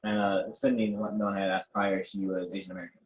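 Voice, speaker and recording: Low-voiced young man, hesitant storytelling. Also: little pitch movement, fast talker, poor audio. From Mexican heritage. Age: teens. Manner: hesitant, many restarts and fillers, laughs often. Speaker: interviewee, protest organizer. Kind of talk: casual conversational interview.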